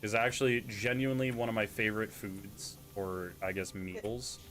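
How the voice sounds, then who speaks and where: A young man with a Canadian accent chatting casually while streaming a game, playful and quick to mimic accents. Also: lowish voice, little pitch movement, fairly bright tone. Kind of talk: casual gaming chat.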